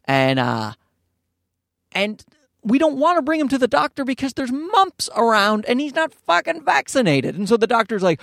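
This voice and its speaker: A young man hosting a casual solo podcast from inside his parked car, ranting in a profane, rambling way and jumping up to high pitches. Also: sing-song, normal speed, creaky, fairly bright tone, no room sound, clean studio sound. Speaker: podcast host.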